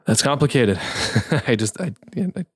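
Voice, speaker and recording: A man playing a tabletop game, speaking in character in a halting, hesitant way with many restarts. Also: mid-range voice, lively intonation, slightly rough, dry recording, clean studio sound. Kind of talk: in-character role-play.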